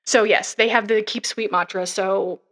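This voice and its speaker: A woman's voice: mid-range voice, steady tone, normal speed, fairly bright tone. A young woman co-hosting a podcast, retelling a story in a casual, rambling way with lots of fillers and asides. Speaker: podcast co-host. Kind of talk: casual true-crime chat.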